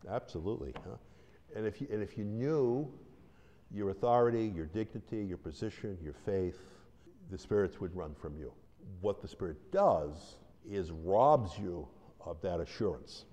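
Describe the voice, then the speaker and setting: Deep-voiced man teaching in a reverberant hall. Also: lively intonation, normal speed, dark tone. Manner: conversational, rambling, with restarts and acted-out quotes. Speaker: deliverance minister. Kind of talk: informal teaching talk.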